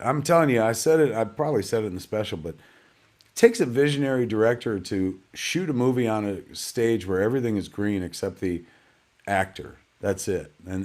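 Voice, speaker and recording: Middle-aged man, mid pitch, rambling self-deprecating live host, chatty. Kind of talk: casual live-stream hosting.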